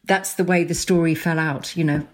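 A middle-aged woman novelist chatting in an interview, animated, laughing often and restarting her sentences. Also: low-pitched, moderate pace. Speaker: novelist guest. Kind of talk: casual interview chat.

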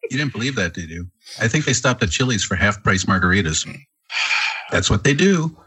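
Dry-witted man with lowish voice. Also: sing-song, a little fast, sharp tone, breathy edge, low-quality recording. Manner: dry wisecracking. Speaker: podcast guest. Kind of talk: casual podcast chat.

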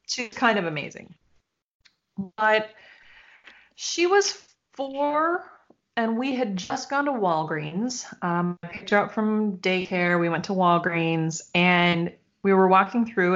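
A woman's voice: mid-range voice, slow pace. Woman telling a story, slightly muffled. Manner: animated, swearing, acts out quoted voices. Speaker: podcast co-host. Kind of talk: casual storytelling chat. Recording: dull, slightly lo-fi sound.

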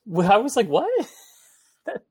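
A speaker with a gravelly, husky voice and a lively, swooping delivery. They join a casual movie-review chat with nerdy, animated energy, laughing as they talk. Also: medium pitch, moderate pace.

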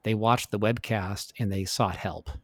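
A man's voice: on the low side, fairly even intonation, unhurried, no echo. A middle-aged man speaking as a guest in a casual interview, telling his story in an earnest, reflective way. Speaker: podcast guest.

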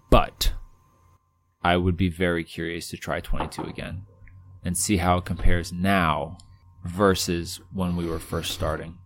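A man in his thirties co-hosting a casual whiskey tasting, animated and playful, swearing freely. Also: sits low, unhurried, a little hiss or hum. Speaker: podcast co-host.

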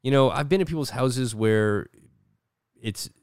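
A podcast host in his studio chats casually, rambling and leaning heavily on "like" while often acting out the voices of people he quotes. His voice is medium-pitched, a little slow and clean in tone, and the studio recording is clean with no echo.

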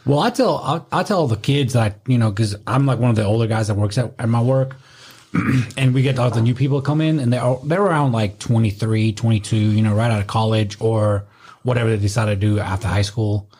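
A man's voice: fairly low pitch, brisk, darkish tone, slightly rough. A man hosting a podcast, chatting in a laid-back way and sharing memories. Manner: laid-back, short interjections and reminiscing. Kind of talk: casual chat.

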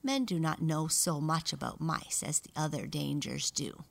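A woman's voice: low-pitched, moderate pace, vocal fry. A woman voicing obedient young meadow mice who earnestly recite their mother's lessons in a storybook reading. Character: careful, dutiful mouse children reciting lessons.

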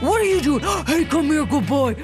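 A woman's voice: high voice, animated, normal speed, music in the background, voice pushed up. A woman voicing an upbeat, heavily pierced young female store clerk in a tabletop game, gushing sales patter. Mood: excited.

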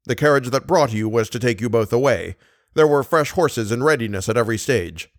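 A male narrator voicing a self-satisfied police commissary who questions briskly. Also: mid-range voice, dry recording, studio quality, natural voice. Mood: probing.

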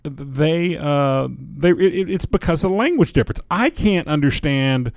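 A man's voice: a little high, expressive, moderate pace, no echo. A man co-hosting a podcast, chatting casually and reading news aloud while joking and restarting his sentences. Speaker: podcast co-host.

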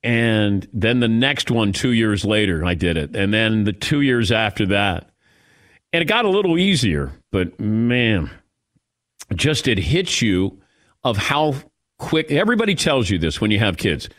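A man's voice: fairly low pitch, very animated, unhurried, a bit bright. A middle-aged man hosting a sports talk radio show, chatting casually in a reflective, self-mocking way.

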